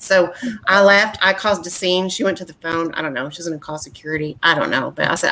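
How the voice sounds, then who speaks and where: A woman, co-hosting a podcast and telling stories in an indignant, animated way. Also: fairly low pitch, a little fast, a little hiss or hum. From West Texas. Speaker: podcast co-host. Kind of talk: casual chat.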